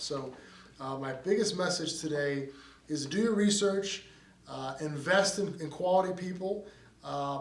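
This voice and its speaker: Earnest coach in a roomy, distant recording. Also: male voice, a little high. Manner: earnest, conversational, frequent fillers and restarts. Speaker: baseball coach. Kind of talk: direct-to-camera advice talk.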